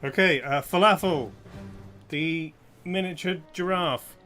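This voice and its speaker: A man's voice: on the high side, takes it slowly, bright, forceful tone, faint music behind. A man acting as game master of a live tabletop game, narrating dice rolls and often chuckling.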